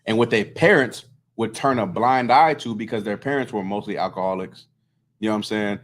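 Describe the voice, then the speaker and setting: A man's voice: fairly low pitch, brisk. A man teaching scripture to a small group in a loose, conversational way, often checking that listeners follow.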